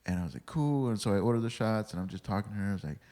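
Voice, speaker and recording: Rambling low-voiced man telling stories. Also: steady tone, very fast, warm tone, in a large hall. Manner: rambling, swears freely, acts out quoted dialogue. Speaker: podcast guest. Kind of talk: casual storytelling chat.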